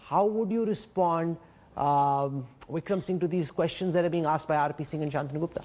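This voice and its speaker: An Indian news anchor moderates a TV debate, pressing his panel with measured, probing questions. His voice is notably high for a man. He keeps firm control of the exchange. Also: a little mellow.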